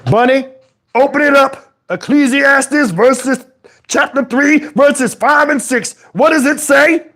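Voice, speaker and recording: In a very high-pitched, exaggerated voice, a man slowly portrays an outraged older father delivering a preachy comic tirade. Indignant and exasperated, the character scolds, curses, and occasionally shouts.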